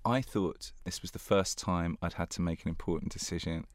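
A man as an interview guest, telling a story in an animated, self-mocking way and laughing as he goes. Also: sits low, fairly quick, no room sound. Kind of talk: anecdotal storytelling.

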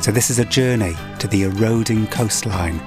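A man's voice: lowish voice, normal speed, loud music behind the voice. A man hosting a documentary podcast, narrating and questioning his guest in a dry, probing way. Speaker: host and narrator.

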